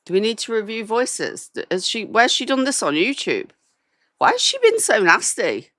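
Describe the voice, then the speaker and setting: A British woman hosting a live stream, talking in a measured, diplomatic way and answering chat. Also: fairly high pitch, wildly swooping pitch, sharp tone, no room sound. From Britain. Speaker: host.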